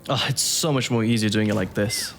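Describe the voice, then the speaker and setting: A man's voice: fairly low pitch, fairly even intonation, a little fast, fairly bright tone, soft background music. A man giving casual commentary on his own gameplay, thinking aloud and chuckling to himself. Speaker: gaming YouTuber.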